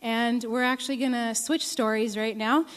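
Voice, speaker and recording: A young woman in her early twenties giving an earnest sermon and testimony, speaking slowly with many ums. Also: a little high, steady tone. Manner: earnest, many ums, rises to emotional pleading. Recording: long reverb of a large hall.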